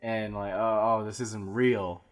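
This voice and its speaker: A man's voice: on the low side, fairly even intonation, a little slow. A man co-hosting a loose podcast conversation. He talks in a rambling way, piling up fillers and restarting his sentences as he goes. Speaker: podcast co-host. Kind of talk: casual chat.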